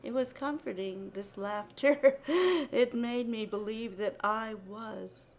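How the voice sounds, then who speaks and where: A woman giving a dramatic poetry reading, incantatory, with sudden loud outbursts. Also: on the high side, slow.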